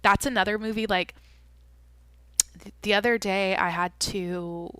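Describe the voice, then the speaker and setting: A woman's voice: medium pitch, fairly even intonation, a little slow, a bit bright, smooth, dry recording. This is a young woman talking casually on her own podcast, with a voice that sits right in the middle of the range. She drifts from thought to thought and swears freely as she goes. The sound is close and dry. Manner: rambling, swears often, thinks aloud. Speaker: podcast host. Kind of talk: casual solo chat.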